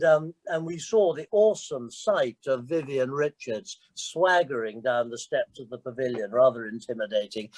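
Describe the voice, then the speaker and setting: A man's voice: darkish tone, no echo, rough recording. A former cricket captain in his sixties, guest of an online Q&A, telling self-deprecating anecdotes in a chatty, storytelling manner over a video call. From England. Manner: self-deprecating, chatty, jumps in pitch when quoting others.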